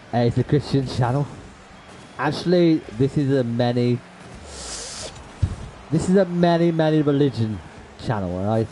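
He speaks at normal speed in a mellow, mid-range voice, pausing often, captured in a rough recording with slight background noise. As a livestreamer talking to his chat while playing, he uses lots of slang and "bro," swears, rages at plays, and apologizes afterward.

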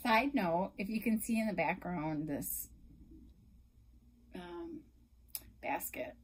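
A young adult woman gushing in a casual unboxing vlog, emotional and effusive, at times dropping to a soft whisper. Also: medium pitch, a little hiss or hum, low-quality recording. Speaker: reborn doll collector vlogger.

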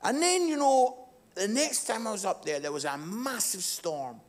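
A middle-aged male pastor preaching a live sermon in church, impassioned and swinging between hushed tones and shouting. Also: sits high, expressive, moderate pace.

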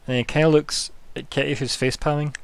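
A man's voice: a little high, flat delivery, brisk, creaky, clean tone, dry recording. A man narrating as game master of a tabletop game, casual and full of fillers.

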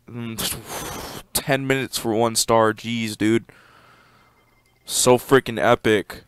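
A teenage boy casually commenting on a game he plays, given to sudden loud excited outbursts. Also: slow, clean tone, no room sound. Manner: excitable, jumps into loud high-pitched outbursts. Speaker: gameplay commentator. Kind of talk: casual let's-play commentary.

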